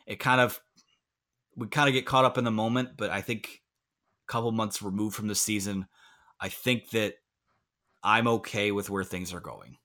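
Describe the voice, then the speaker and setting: A man with a slightly low, bright, forceful voice hosts a casual sports talk podcast. He rambles and corrects himself, tossing in joking asides as he talks over a remote call. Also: steady tone, moderate pace, pauses often. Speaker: podcast host.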